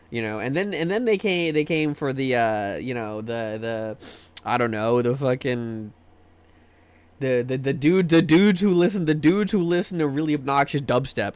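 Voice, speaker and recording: A man's voice: mid-range voice, moderate pace, darkish tone, clean tone. A young American man ranting casually on a livestream, rambling and profane, repeating words as he restarts sentences. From United States. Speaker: livestream host. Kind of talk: casual stream chat.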